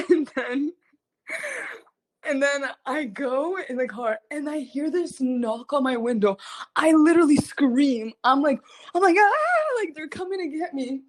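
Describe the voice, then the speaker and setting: A young adult woman telling a story to fans in casual livestream chat, animated and full of fillers, laughing often between phrases. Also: high-pitched, moderate pace. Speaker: singer chatting with fans.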